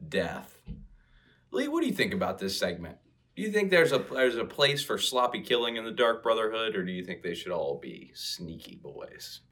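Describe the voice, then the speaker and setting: A man's voice: on the low side, sing-song, moderate pace, a bit bright. A man hosting a casual, jokey chat about games, playful and joking around. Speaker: podcast host.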